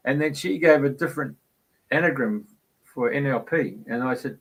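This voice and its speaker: A man's voice: mid-range voice, expressive, a little fast, a bit bright, husky, poor audio. A man hosting a radio talk show, telling a casual anecdote in a chatty way. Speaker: radio host. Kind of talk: casual storytelling.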